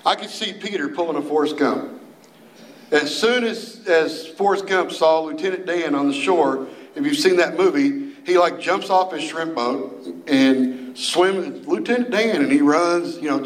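A male youth minister gives a sermon in a folksy, animated style, slipping into playful voices as he tells the story. His voice sits a little high, and the recording echoes as if in a roomy space.

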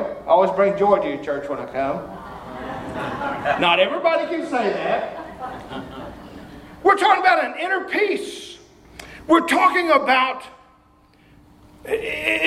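A man preaching a sermon as a visiting preacher, emphatic and breaking into shouts. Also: very high-pitched. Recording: echoey room.

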